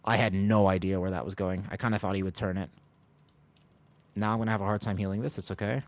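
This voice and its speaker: A man's voice: deep voice, fairly even intonation, fast, dry recording. A man chatting casually to viewers while streaming a game, rambling and joking about himself. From United States. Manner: rambling, self-deprecating, jokey asides to chat. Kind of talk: casual gaming stream chat.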